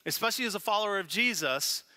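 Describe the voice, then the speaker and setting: A man preaching a sermon as pastor, telling funny family stories with lively animation. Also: high-pitched, fast talker. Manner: storytelling with humor, animated. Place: church sanctuary.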